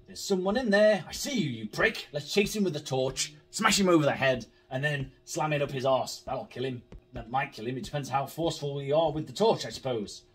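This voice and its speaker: A man talks through a horror game in a sweary, jumpy and sarcastic way. His voice sits a bit high and swings up and down a lot. He sounds a little far from the mic, with faint music underneath. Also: a bit bright. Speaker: gaming YouTuber.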